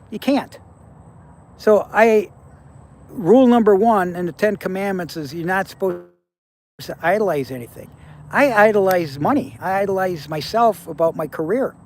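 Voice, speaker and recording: A man in his seventies talking casually to viewers on a livestream, blunt and profane, handing out life advice. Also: high-pitched. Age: 70s. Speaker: livestream host.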